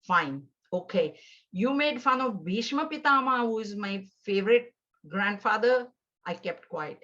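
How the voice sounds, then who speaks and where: A woman's voice: mid-range voice, lively intonation, a little slow, bright, forceful tone, highs cut off. A woman voicing a proud warrior prince who boasts of his lineage and flares up in anger, told within a lesson. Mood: indignant. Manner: boastful, indignant.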